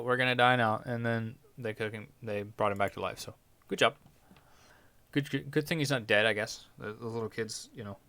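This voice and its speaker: A man's voice: medium pitch, a bit bright, dry recording. A young man hosting a podcast, reading news stories aloud and reacting with crude, irreverent jokes. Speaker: podcast host.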